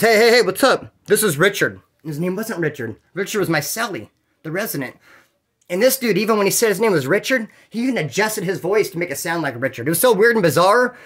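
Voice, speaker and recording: A man telling prison stories in a casual, animated way, swearing often and acting out other people's voices. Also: high-pitched. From California. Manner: animated, profane, acts out quoted voices. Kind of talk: casual storytelling.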